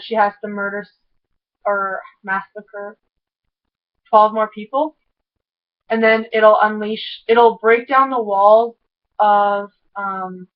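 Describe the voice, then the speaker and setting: A woman giving an excitable, rambling recap of a TV episode, full of "like" and tangents. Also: medium pitch, dull audio. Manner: excitable, rambling, heavy use of "like". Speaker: TV episode reviewer. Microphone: camera mic.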